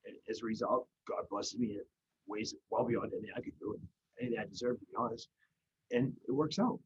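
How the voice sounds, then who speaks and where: A man's voice: fairly low pitch, steady tone, fast, husky, highs cut off. A man in casual conversation, talking earnestly about recovery and faith, rambling with restarts. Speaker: guest in recovery.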